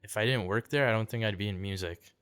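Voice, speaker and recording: A man's voice: fairly low pitch, fast, a bit bright, clear, resonant tone. A young man from Canada telling a story in casual podcast chat, laid-back, peppering his talk with "like" and "dude" and acting out quotes. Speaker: podcast guest, singer-songwriter.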